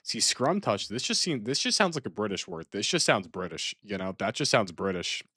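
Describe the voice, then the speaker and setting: Lowish voiced guy rambling thru a game stream, goofy, repeats himself a lot, dry sound. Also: sing-song, moderate pace, pushed and bright, breathy edge, no echo. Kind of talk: casual gaming stream commentary.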